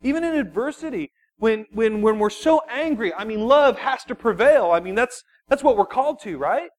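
A man, a youth pastor, giving an animated sermon full of personal storytelling and quick restarts. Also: extremely high pitch. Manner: animated, self-deprecating storytelling with frequent restarts.

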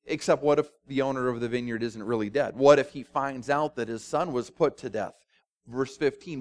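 A pastor with a mid-range voice preaches a sermon in a conversational, animated way, using dramatic pauses and asides.

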